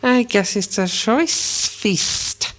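A small slimy creature from a storybook, hissing and whispering to itself with a high, thin sound. stretching every word slowly and cunningly. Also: male voice, expressive, a bit bright, heavily acted. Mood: wheedling, hissing.

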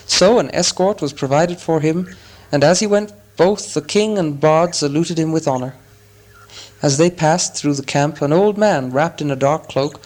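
A man narrating an audiobook in a measured storytelling manner. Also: fairly high pitch, darkish tone.

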